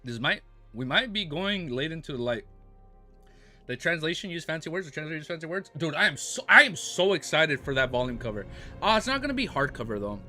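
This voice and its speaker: A man's voice: on the high side, animated, brisk, bright, forceful tone, soft background music. An American man chatting casually with his live-stream viewers, joking around and laughing often. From United States. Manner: joking, laughs often, mock-French phrases.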